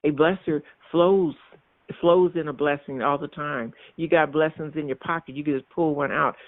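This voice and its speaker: A man's voice: on the high side, steady tone, moderate pace, dry recording. A man preaching a sermon, emphatic and repetitive, with frequent restarts. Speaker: minister. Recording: tinny phone-like sound, dry.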